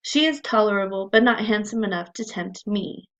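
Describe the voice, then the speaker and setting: A woman reading out the lines of a proud, aloof young gentleman, on a dull lo-fi recording. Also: medium pitch, close to an everyday voice. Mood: disdainful. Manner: reading a quote aloud, measured.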